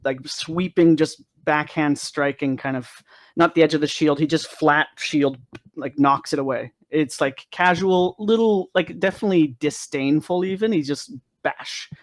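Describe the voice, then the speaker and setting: A man's voice: on the high side, moderate pace, rough recording. A man playing a tabletop game, describing his character's moves in a rambling way with lots of fillers. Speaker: player. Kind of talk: tabletop role-play chat.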